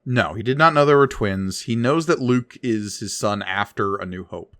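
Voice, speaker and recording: Male podcast co-host, low voice, dry close-mic sound, explanatory and easygoing. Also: moderate pace, a bit bright, no echo. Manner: explanatory, reads captions aloud. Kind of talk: casual comic book discussion.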